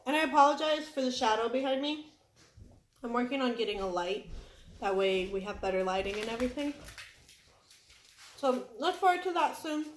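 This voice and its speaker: A woman's voice: a little high, expressive, moderate pace, pauses often, roomy sound, slight background noise. A young woman vlogger chatting casually and apologetically while eating on camera. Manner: chatty and apologetic, talking between bites. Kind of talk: casual eating vlog chat. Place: home room indoors.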